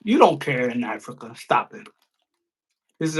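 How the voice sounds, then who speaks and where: A male boxing live-stream host talks in a loose, animated way, swearing freely and breaking into quick impressions. His voice has a bright, cutting edge. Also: high voice. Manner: animated, profane, jumps into mocking impressions.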